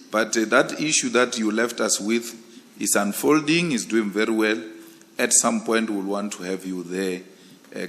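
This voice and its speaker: A man who is a commissioner, questioning a candidate at a formal hearing in a forceful, insistent way. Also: on the low side, big-room sound. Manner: forceful, insistent, emphatic repetition.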